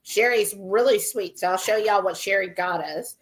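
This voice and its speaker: Woman, mid pitch, lively casual chat, reads out viewer comments. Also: normal speed. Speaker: live stream co-host.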